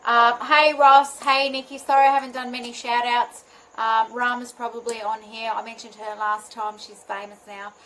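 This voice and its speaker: A woman's voice: a little high, level tone, moderate pace, fairly bright tone, poor audio. A woman who works as a spiritual healing mentor, chatting live to her viewers in a bubbly way and often laughing at herself. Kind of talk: live video chat to viewers.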